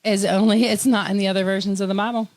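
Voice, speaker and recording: A woman from Tennessee hosting a casual interview, chatty and quick to laugh. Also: mid-range voice, little pitch movement, a little mellow, no echo. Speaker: host.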